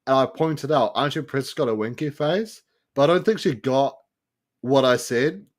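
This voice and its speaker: A man's voice: medium pitch, normal speed. A man hosting a podcast in a casual, giggly, rambling way. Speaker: podcast host.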